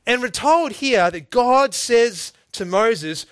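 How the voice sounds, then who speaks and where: An emphatic preacher in middle age, delivering a sermon with conviction. His voice sits fairly high for a man. The recording is dry and close, with little room sound. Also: expressive, slow, hardly any pauses, fairly bright tone, dry recording. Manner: earnest, emphatic, addresses listeners as "folks".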